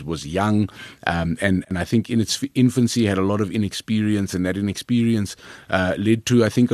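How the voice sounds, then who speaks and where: A man with a South African accent, a comedian telling his story in an interview, lively and rambling, often repeating words as he restarts. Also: fairly low pitch, dry recording, clean studio sound. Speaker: comedian guest.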